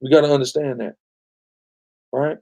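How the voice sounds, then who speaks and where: A man's voice: mid-range voice, fairly even intonation, normal speed, creaky, dark tone. A man hosting a live-stream bible study, preaching emphatically, often asking "right?" and telling the reader to go ahead. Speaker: host leading a scripture study.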